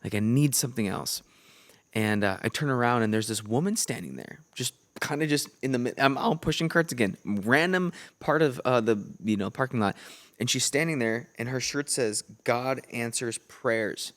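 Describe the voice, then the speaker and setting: Young man telling animated stories. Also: medium pitch, normal speed. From Minnesota. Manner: lively, acts out voices in his anecdotes, earnest. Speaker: podcast guest. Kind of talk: animated storytelling in casual chat.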